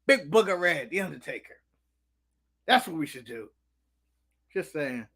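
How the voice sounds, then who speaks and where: A man's voice: fairly high pitch, very animated, measured pace, fairly bright tone, husky. A man from the United States co-hosting a casual live stream, ranting animatedly and snacking as he talks. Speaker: co-host.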